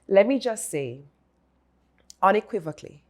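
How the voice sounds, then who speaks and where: A woman's voice: medium pitch, lively intonation, moderate pace. A woman hosting an interview, effusive and admiring of her guest. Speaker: host.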